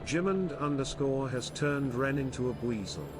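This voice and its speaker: A man reading stream alerts aloud in a flat, matter-of-fact voice. There is clear noise behind him. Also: medium pitch, moderate pace. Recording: noisy mic.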